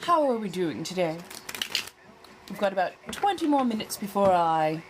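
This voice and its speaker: A woman's voice: medium pitch, big pitch swings, normal speed, background noise. A woman hosting a casual livestream chat in an affected old-fashioned American accent, languid and theatrical, calling her viewers darling. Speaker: livestream host.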